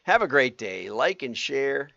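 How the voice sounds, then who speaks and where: A man's voice: mid-range voice, big pitch swings, unhurried, gravelly, pushed and bright, no room sound, muffled recording. A man hosting a livestream, talking in a rambling, self-correcting way. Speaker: livestream host. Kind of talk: casual commentary.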